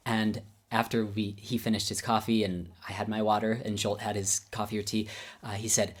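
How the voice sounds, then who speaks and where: A man's voice: fairly low pitch, fairly even intonation, normal speed, slightly rough. A man who is a concert pianist and teacher, telling personal stories in a friendly, self-deprecating way. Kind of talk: casual personal storytelling.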